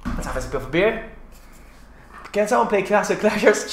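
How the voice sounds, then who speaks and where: A man's voice: high voice, animated, moderate pace. A man from Malta hosting a live stream in casual chat, laughing often and rambling through his sentences. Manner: giggly, rambling, jokey. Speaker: streamer host. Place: home streaming setup, indoors. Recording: roomy room with music behind.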